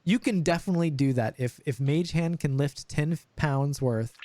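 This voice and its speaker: A young man serves as dungeon master for a tabletop game, chatting casually over a voice call in a fairly high, dark-toned voice at a moderate pace. His talk rambles, full of fillers and restarts, with slight background noise present.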